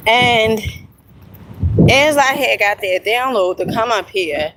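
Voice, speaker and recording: A woman filming a motivational vlog on her phone at an outdoor lookout. She talks emphatically, tosses in "okay?" and "honey" constantly, and breaks into excited whoops. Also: fairly high pitch, slow pace, background noise. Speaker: inspirational video creator.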